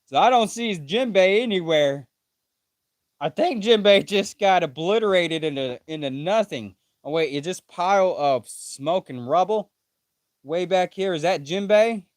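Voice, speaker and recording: A man's voice: high-pitched, expressive, unhurried, dry recording, studio quality. A man live-streaming his reaction to a manga chapter, reading panels aloud, correcting himself and swearing casually.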